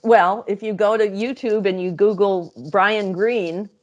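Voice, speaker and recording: A woman's voice: mid-range voice, fairly even intonation, a little slow, muffled recording. A middle-aged woman speaking as an interview guest, telling her stories casually, laughing often and acting out quotes. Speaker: interview guest, psychic channel.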